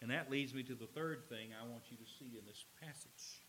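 A man's voice: medium pitch, fairly quick, a little hiss or hum. A male pastor preaching a sermon in a church, speaking emphatically and acting out scenes as he goes. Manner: expressive, emphatic, dramatizes scenes. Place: church with a slide screen.

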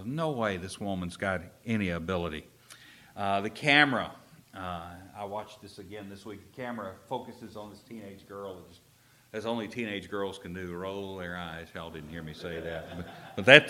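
Bright-voiced preacher. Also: male voice, fairly low pitch. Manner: joking storyteller, swinging from loud to hushed. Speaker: pastor. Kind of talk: sermon. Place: church service.

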